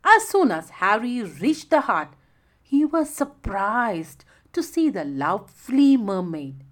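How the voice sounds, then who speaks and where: A woman narrating a children's story slowly and expressively. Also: mid-range voice, very animated.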